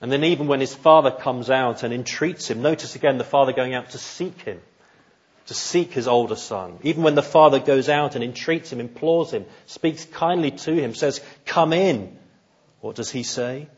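A man's voice: mid-range voice, moderate pace, breathy edge, muffled recording. A male preacher delivering a sermon in an earnest, emphatic way, asking rhetorical questions.

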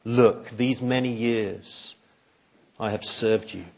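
A preacher voicing a bitter, resentful older brother. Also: male voice, medium pitch, steady tone, takes it slowly, vocal fry, a little mellow, highs cut off. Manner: bitter, indignant, accusing.

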